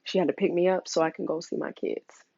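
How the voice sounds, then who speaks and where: A woman's voice: on the low side, steady tone, quick pace, creaky, highs cut off, background noise. A young woman in an earnest personal vlog, telling a custody story and getting emotional as she talks, with many fillers. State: emotional, near tears. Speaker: mother sharing a custody story.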